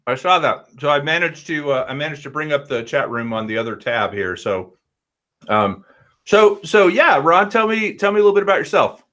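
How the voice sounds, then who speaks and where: Bright-voiced chatty male guest. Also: on the high side, big pitch swings, moderate pace. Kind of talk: casual live show chat.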